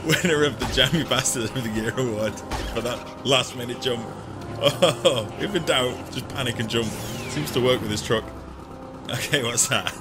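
A man's voice: medium pitch, normal speed, music in the background. A man hosting a let's play, giving chatty, self-mocking gameplay commentary and laughing often.

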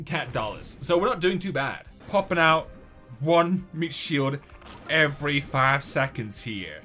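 A young man giving commentary on a mobile game, swinging from low muttering to frustrated yelling. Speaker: gaming YouTuber.

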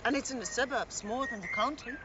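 An actress playing a calm, practical young woman who asks pointed questions. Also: on the high side, brisk, noisy background, close to an everyday voice. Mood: cool. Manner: cool, questioning. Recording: dull TV soundtrack.

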